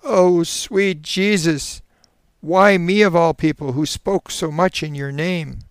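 A man voicing a terrified man under regression hypnosis, a former preacher, with shrill panicked outbursts. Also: very animated, measured pace, dry recording, studio quality.

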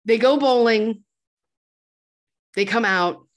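A woman's voice: fairly high pitch, slow pace. A woman retelling a film plot in casual chat, quoting characters and laughing now and then. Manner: chatty retelling with quoted lines and laughs. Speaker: podcast co-host.

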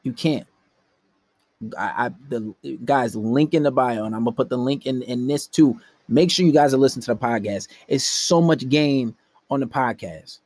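At normal speed and medium pitch, a young man with a slightly mellow voice hosts a podcast from his room at night. His casual dating-advice rant rambles and is profane and blunt, recorded on a laptop with no room sound.

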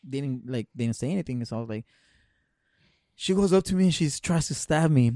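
A man's voice: mid-range voice, lively intonation, brisk, darkish tone, no echo, studio quality. A young man casually telling a story on a podcast, rambling with many fillers and curse words.

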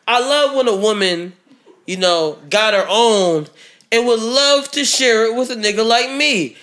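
A man's voice: sits high, animated, measured pace, fairly bright tone. A young man co-hosting a podcast in rowdy casual chat, joking and laughing a lot. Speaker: podcast co-host.

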